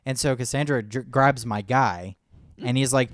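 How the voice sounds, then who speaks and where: A young man co-hosting a casual podcast, retelling a night out in a rambling, animated way and acting out what people said. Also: mid-range voice, moderate pace, dry recording, studio quality. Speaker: podcast co-host. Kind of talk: casual storytelling chat.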